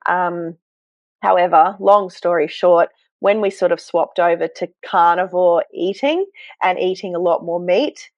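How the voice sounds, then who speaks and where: A woman, a health coach, telling her story to a podcast host in an earnest, animated way, with self-deprecating asides. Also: lowish voice, unhurried, no room sound. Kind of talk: conversational storytelling. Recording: dull, dry sound.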